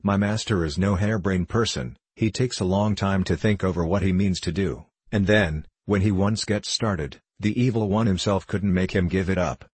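A cheerful, devoted young manservant, as a narrator puts him on, earnest and eager in every word. The voice is low and a little husky, recorded close and dry for a storybook reading. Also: male voice, normal speed, few pauses, a little mellow, no room sound. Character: cheerful loyal young male servant.

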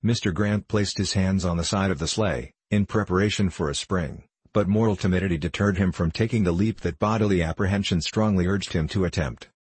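A man narrating a classic novel in a measured, even way. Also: low-pitched, husky, dry recording. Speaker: audiobook narrator.

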